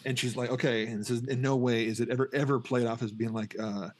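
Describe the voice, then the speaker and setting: A middle-aged man talks quickly through a film's plot on a podcast, stumbling over restarts and slipping into the characters' lines. His pitch sits at an ordinary middle height. The talk is loose, casual chat between co-hosts. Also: fairly even intonation. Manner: rambling, restarts often, acts out scenes. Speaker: podcast co-host. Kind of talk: casual film review chat.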